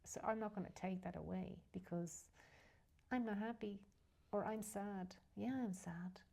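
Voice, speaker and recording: A woman's voice: medium pitch, steady tone, moderate pace, creaky, a little mellow. A woman speaking as a guest in a candid conversation, emotional and frank, sometimes dropping almost to a whisper. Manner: emotional, heartfelt, drops to a near whisper at times; frank, occasionally swears.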